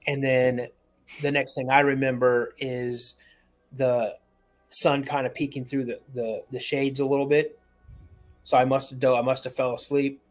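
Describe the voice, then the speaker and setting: A man's voice: medium pitch, flat delivery, a little slow, faint music behind. A man calling in to a show, telling a long personal story in a rambling way, repeating words and acting out the voices of people he quotes. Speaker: caller.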